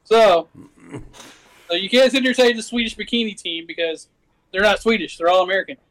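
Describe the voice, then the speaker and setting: A man on a podcast who argues his point in a rambling way and keeps circling back. His voice sits high for a man. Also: brisk, a bit bright, poor audio. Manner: rambling, argumentative, many fillers. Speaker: podcast co-host. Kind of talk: casual banter.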